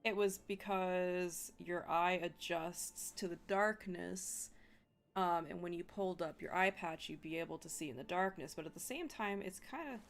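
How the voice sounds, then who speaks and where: A woman's voice: lowish voice, moderate pace, soft background music. A young woman streamer chatting casually and rambling with lots of fillers and giggles. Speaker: vtuber streamer. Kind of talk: casual chat with viewers.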